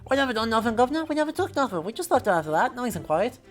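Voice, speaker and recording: Woman doing a shifty Cockney thief, high and loud. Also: sing-song, rapid-fire, faint music behind. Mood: protesting. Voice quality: put-on Cockney accent. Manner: protesting, street-slangy. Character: petty male Victorian thief, wheedling and shifty.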